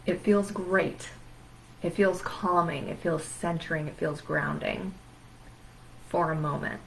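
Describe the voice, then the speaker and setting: A woman therapist explains anxiety in an emphatic educational talk. Her voice sits fairly low for a woman, and she strings words together in rhythmic runs, with faint background noise. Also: fairly even intonation, slow, creaky, poor audio.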